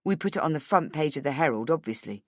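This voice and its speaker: A woman voicing a calm, matter-of-fact middle-aged male boss. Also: low voice, quick pace, no room sound, clean studio sound.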